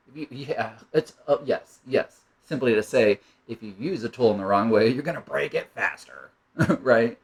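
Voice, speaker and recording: Man, mid-pitched voice, reflective monologue, rambling and musing, tag questions throughout. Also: moderate pace, low-quality recording. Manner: rambling, musing, keeps asking "right?". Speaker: monologue speaker.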